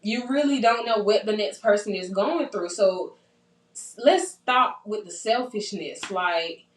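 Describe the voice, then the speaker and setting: A young woman talks in an easy, earnest way, urging listeners on and repeating key points. Her voice sits at a middle pitch. It is heard from some distance in a roomy, echoing space. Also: a little slow, slight background noise. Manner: earnest, encouraging, repeats herself for emphasis. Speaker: podcast host. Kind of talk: casual chat. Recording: roomy sound from a distant mic.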